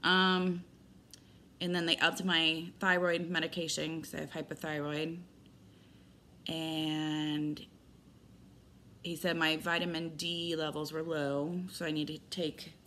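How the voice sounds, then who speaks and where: A woman's voice: low voice, a little hiss or hum. Candid rambling woman vlogger. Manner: rambling, candid, animated retelling with quoted dialogue. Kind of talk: casual personal update.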